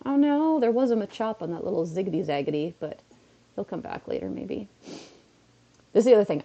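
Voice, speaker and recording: Young woman streaming from home, just chatting away, kinda gravelly and dark, muffled lo-fi mic. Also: on the low side. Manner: chatty and rambling, playing a phone game. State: a bit under the weather. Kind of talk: casual livestream chat. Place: indoors at home. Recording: dull lo-fi mic.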